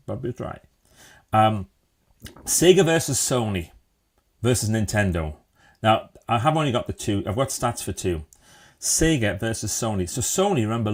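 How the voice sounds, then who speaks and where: Middle-aged guy doing a live motivational stream, lowish voice, chatty, keeps asking the viewers stuff. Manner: chatty, asks viewers questions, answers their comments. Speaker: live show host.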